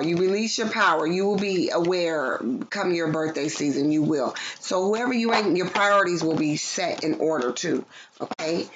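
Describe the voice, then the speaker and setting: A woman giving a casual, profane tarot reading to her viewers, playful and loose, at times breaking into song. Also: fairly low pitch. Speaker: tarot reader. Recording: dull lo-fi sound with background noise.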